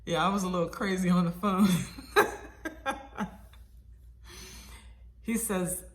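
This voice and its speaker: Woman, casual storytime, animated, exclaiming, bright forceful voice. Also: fairly low pitch. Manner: animated, exclaiming, quick to laugh. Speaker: vlogger telling a personal story.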